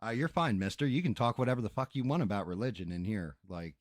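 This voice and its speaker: Male streamer, lowish voice, dry headset sound, profane exasperated rant. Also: animated, quick pace, no room sound. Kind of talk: casual ranting stream chat.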